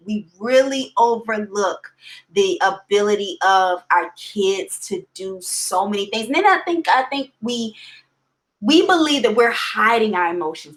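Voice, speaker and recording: A woman's voice: mid-range voice, a bit bright. A woman guest on a parenting podcast, an early childhood expert who speaks reflectively and thinks aloud. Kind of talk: podcast interview, conversational.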